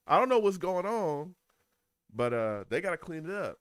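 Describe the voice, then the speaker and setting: A man streams his reaction to a football game with a New York accent, keeping it casual and animated while laughing often and reading viewer comments aloud. His high-pitched voice is smooth and normal in speed, recorded at studio quality without any room sound.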